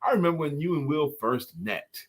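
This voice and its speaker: A man co-hosting a casual morning chat show, his voice sitting a little high for a man. He talks in an easy, storytelling way and slips into short sung jingles to greet viewers. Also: lively intonation, brisk. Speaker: co-host.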